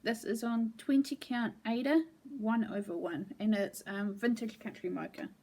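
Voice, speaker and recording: At home, a woman shows off her cross-stitch projects in relaxed show-and-tell chat, meandering and saying "um" a lot. Her voice is on the high side and moves at a moderate pace.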